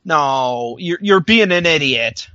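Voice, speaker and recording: On a casual recap podcast, this male co-host talks animatedly and slowly in a slightly high, sharp-toned voice, often laughing and acting out lines. There's no echo, though the highs are cut off.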